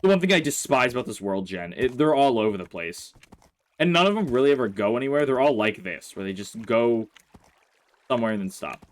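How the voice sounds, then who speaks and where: A man's voice: mid-range voice, expressive, a little fast. A man hosting a casual let's play, commenting on his gameplay and grumbling in exasperation at his in-game horse.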